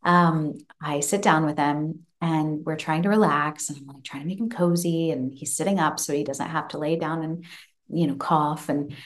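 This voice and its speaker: Woman host, 30s, lower pitch, casual animated storyteller. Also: moderate pace. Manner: animated, acts out the child's voice with laughs. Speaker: podcast host. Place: home office room.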